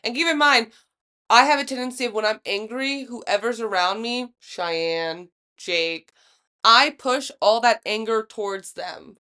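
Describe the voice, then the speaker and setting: A young woman co-hosting a podcast, telling a story in a casual, profane, animated way and acting out the quotes. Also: fairly high pitch, unhurried, smooth. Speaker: podcast co-host. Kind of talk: casual chat.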